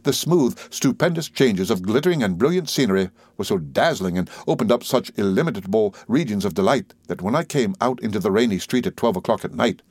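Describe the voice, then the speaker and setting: A man narrating a classic novel in the first person, with a measured, expressive literary reading style. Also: on the low side, no room sound. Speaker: audiobook narrator.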